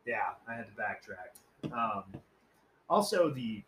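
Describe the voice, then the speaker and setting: A man's voice: fairly low pitch, big pitch swings, takes it slowly, fairly bright tone, slight background noise, poor audio. A man hosting a casual podcast, telling stories in a rambling, profane, joking way and acting out quoted voices. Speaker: podcast host.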